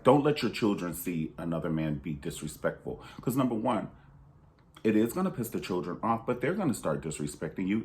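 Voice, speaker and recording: A man with a deep, low-pitched voice talks candidly to his viewers. He speaks in an emphatic, preachy way, and his pitch leaps upward whenever he drives a point home. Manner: pitch jumps high for emphasis. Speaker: vlogger. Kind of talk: candid personal vlog monologue.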